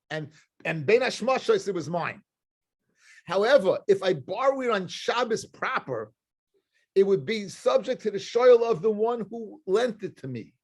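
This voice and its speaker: A man, a rabbi, teaching a live Talmud class to students, explaining emphatically, repeating himself and quizzing the room. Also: high voice.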